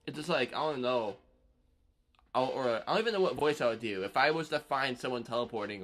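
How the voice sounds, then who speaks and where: This is casual live-stream banter from a young man taking breaks from drumming, with a crowd audible behind him. His mid-range voice is animated and a bit fast, and he rambles through plenty of fillers and relaxed slang.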